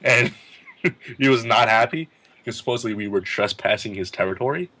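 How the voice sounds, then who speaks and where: A man in his late teens, a podcast guest, telling a story in a lively way, laughing often and acting out the other people's lines in a raised voice. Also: moderate pace. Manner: animated, laughing, acts out quotes in a higher voice. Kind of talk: casual storytelling.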